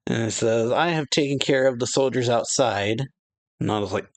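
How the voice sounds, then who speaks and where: A man casually reading a manga chapter aloud and retelling its dialogue, with lots of "yeah" and "uh" and quick exclamations. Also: mid-range voice. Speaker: anime reaction channel host. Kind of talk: casual manga read-along with reactions.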